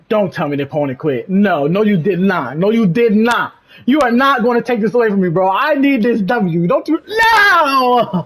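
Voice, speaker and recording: A young woman loudly commentating her own gameplay, cursing and yelling at her opponents. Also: medium pitch. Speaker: gaming streamer. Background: game music.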